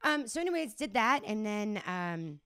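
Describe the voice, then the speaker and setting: A young woman with a raspy voice, a guest singer-songwriter telling her story in a casual interview and laughing often. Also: mid-range voice, big pitch swings, normal speed, fairly bright tone.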